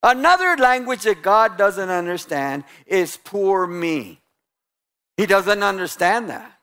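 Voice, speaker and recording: A man preaching as a guest pastor, animated and a little sarcastic, acting out quotes as he goes. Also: high voice, slow, clean tone. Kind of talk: lively sermon.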